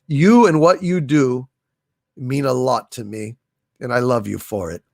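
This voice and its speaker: A man hosting a livestream, slowly reading out viewers' messages and thanking them, with many fillers and restarts. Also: mid-range voice, creaky, no echo, studio quality. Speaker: livestream host reading super chats. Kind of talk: casual livestream chat.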